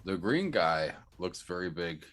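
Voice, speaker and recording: A man's voice: deep voice, big pitch swings, a little slow, fairly bright tone. A man playing a tabletop game in casual chat, hesitant and repeating his words. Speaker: player.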